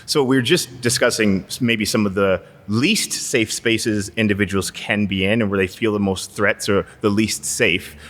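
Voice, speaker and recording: A man hosting an interview, attentive and steady, backing his guest with frequent affirmations. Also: lowish voice, normal speed, few pauses. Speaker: podcast host. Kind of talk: conversational interview. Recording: reverberant room.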